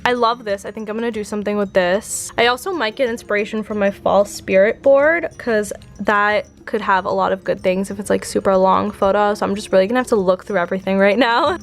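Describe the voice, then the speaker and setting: A woman's voice: mid-range voice, a little fast, hardly any pauses, faint music behind. A young woman vlogging casually, gushing over products with lots of "like" and "oh my god". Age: young adult. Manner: gushing, girly, full of "like" and "oh my god". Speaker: YouTuber. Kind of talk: casual product review vlog.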